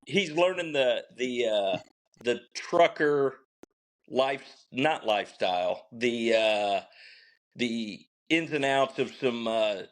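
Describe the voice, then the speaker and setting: A male podcast co-host trades jokes with his partner. He backpedals, corrects himself, and fills gaps with "uh." His pitch sits in a middle range. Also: animated, slow. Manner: playful, backpedaling, hesitant fillers. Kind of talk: casual comedic banter.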